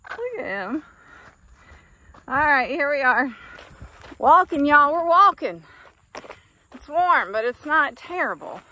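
A woman's voice: sits high, very animated, takes it slowly, pauses often, pushed and bright, slight background noise. A middle-aged woman vlogging casually from her farm, chatty and folksy as she rambles along. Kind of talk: casual vlog chat. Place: outdoors on a farm.

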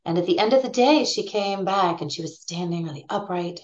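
Animated woman telling stories, lo-fi sound. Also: lowish voice, brisk. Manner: animated, acts out voices in her anecdotes. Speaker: guest ethnobotanist. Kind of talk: podcast interview storytelling. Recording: dull lo-fi sound.

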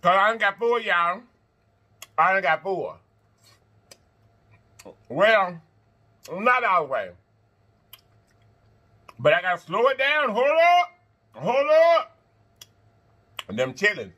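A man hosting an eating-show vlog, chatting to viewers between bites, animated and quick to laugh. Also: high voice. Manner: animated, talks straight to viewers, laughs and chants; talks while eating and blowing on hot food. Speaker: mukbang host.

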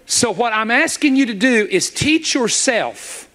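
A middle-aged man preaching a sermon, telling a story, acting out the dialogue and building up to shouts. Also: very high-pitched, lively intonation, measured pace.

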